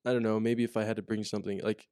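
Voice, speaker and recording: A man's voice: fairly low pitch, level tone, rapid-fire, a little mellow, clean tone, no room sound, clean studio sound. A young man chatting casually on a podcast, rambling with lots of fillers and restarts. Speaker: podcast co-host, corrections officer. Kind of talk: casual chat.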